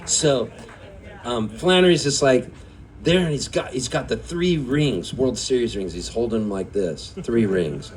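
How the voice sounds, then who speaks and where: A man's voice: mid-range voice, animated, measured pace, slight background noise. A singer-songwriter telling a rambling, chatty story on stage at a live music venue, laughing often as he goes.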